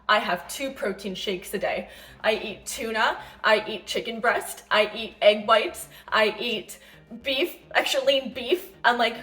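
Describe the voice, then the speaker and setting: A woman competing in bodybuilding, telling a story and giving diet tips in a chatty, animated way that swears freely. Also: a little high, a little slow. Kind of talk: casual storytelling vlog.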